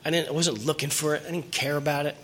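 A man's voice: a little high, fairly even intonation, fast, a bit bright. A middle-aged man telling his personal recovery story at a meeting, earnest and emotional, rambling with restarts.

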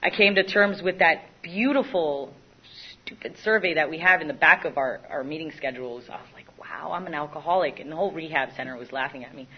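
A woman's voice: low voice, slightly rough. Candid young woman, dull lo-fi sound. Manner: candid, self-mocking storytelling with halting restarts. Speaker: recovery speaker. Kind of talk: personal testimony. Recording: dull lo-fi recording.

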